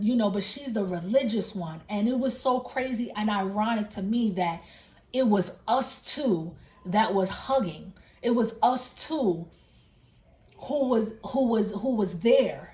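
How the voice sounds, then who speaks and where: A woman's voice: a little high, darkish tone, reverberant. A woman who hosts a tarot channel, casually telling the story of a dream in an emphatic way, repeating and rephrasing herself as she goes. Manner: emphatic and repetitive, circling back to rephrase. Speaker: tarot reader and channel host.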